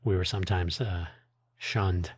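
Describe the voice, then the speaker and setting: Deep voice, husky, man, rambling solo podcast host, dry close sound. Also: steady tone, unhurried, dry recording. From United States. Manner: rambling and wry, with many restarts and asides. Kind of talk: casual solo monologue.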